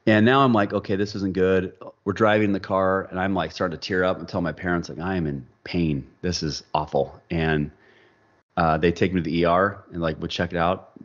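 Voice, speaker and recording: A man's voice: low voice, a little fast, lo-fi sound. A man telling a personal story as a podcast guest, acting out the people he quotes. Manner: animated storyteller, acts out quoted dialogue. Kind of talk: storytelling in casual interview.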